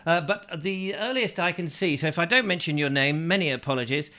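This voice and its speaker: A man's voice: a little high, fairly quick, bright, forceful tone. A man hosting a casual live-stream chat show, greeting viewers and joking around in a playful manner. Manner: playful, jokey, drifting into silly voices. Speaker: host.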